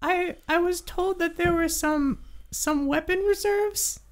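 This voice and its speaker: Woman doing a squeaky little kobold. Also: slow. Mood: earnest. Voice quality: very high, squeaky voice. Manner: nervous, stammering. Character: small, timid male kobold, scared and earnest.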